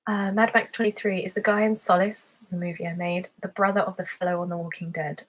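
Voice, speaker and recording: A woman's voice: fairly low pitch, little pitch movement, brisk. A woman hosting her ASMR channel's live stream who chats casually, reads out viewer comments and giggles often. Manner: chatty and giggly, laughs often.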